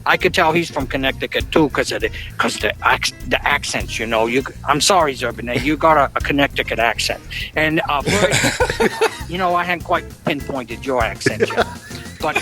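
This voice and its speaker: A middle-aged man, calling in to a podcast with a rambling, jokey, deadpan message. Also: medium pitch, moderate pace, soft background music. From New Jersey. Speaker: caller. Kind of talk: phoned-in voicemail monologue.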